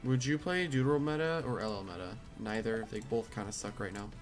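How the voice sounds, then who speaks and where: Young male streamer, tired and offhand, slightly low voice, game music under him. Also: a little fast. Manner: offhand, reads chat questions aloud and answers. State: tired, flat. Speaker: streamer answering chat. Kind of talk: casual live-stream chat.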